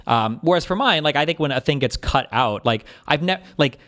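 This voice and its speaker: A man talking at a quick clip on a streamed panel, pressing his points hard. He swears freely and strings fillers between his claims. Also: on the high side, expressive, fairly bright tone. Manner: rapid, emphatic, profane, with frequent fillers. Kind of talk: heated panel discussion.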